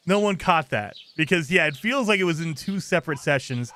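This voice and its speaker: Animated, bright-voiced gaming host. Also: male voice, on the high side, a little fast, few pauses. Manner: exasperated, laughs often, talks over the game. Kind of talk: casual let's-play commentary.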